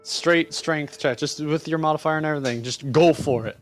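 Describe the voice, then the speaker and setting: A fairly high-voiced man runs a tabletop game. He narrates with a playful, laughing manner over faint background music. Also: fairly quick. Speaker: game master.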